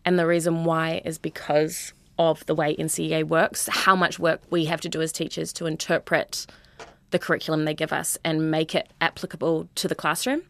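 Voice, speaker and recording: Young Kiwi woman, twenties, teacher in a frank interview; lowish pitch, chatty, dry recording. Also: flat delivery, normal speed, vocal fry, no room sound. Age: 20s. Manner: earnest, chatty, full of "like" and "you know". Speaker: high school teacher. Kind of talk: candid interview.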